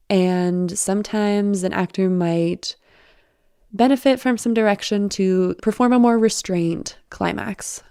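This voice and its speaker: A woman's voice: medium pitch, smooth, dry recording, clean studio sound. A woman, a former audio producer, speaking as an interview guest in a thoughtful, explanatory way. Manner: thoughtful, explanatory, warmly instructive.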